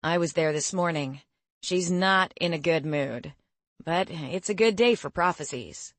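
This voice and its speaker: Easygoing teen boy, jovial and teasing, a bit low-pitched, read by a woman narrator. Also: measured pace, no echo, natural voice. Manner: relaxed, teasing.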